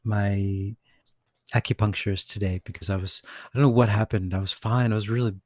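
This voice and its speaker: A man with a fairly low voice talks casually in a vlog, rambling and chuckling as he goes. He often cuts himself off mid-sentence. The recording is dry and close. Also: level tone, fairly quick, dry recording. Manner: rambling, chuckling, self-interrupting. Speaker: channeler.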